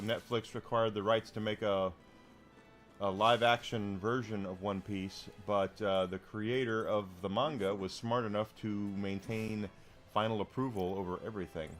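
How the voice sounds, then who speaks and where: A man's voice: fairly low pitch, fairly even intonation, moderate pace, soft background music. A man streaming a video game, chatting casually with viewers and commenting on what he finds. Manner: chatty, talks to chat readers between game remarks.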